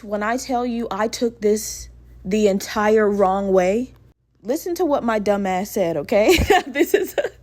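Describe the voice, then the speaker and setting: A young woman hosting a podcast, telling a personal story in a candid, profane, animated way. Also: mid-range voice. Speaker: podcast host. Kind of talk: casual storytelling monologue.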